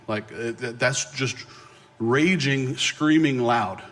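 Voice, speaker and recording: Middle-aged guy preaching, tells stories all animated, pokes fun at himself, keeps restarting sentences. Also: medium pitch. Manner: animated, self-mocking storytelling with quick restarts. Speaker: guest speaker. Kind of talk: storytelling sermon.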